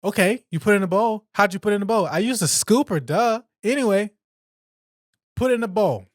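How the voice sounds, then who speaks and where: A man hosting a casual solo podcast, chatting in a jokey, animated way and answering his own questions. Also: high voice, a little fast, no echo. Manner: animated, jokey, talks to himself. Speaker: podcast host.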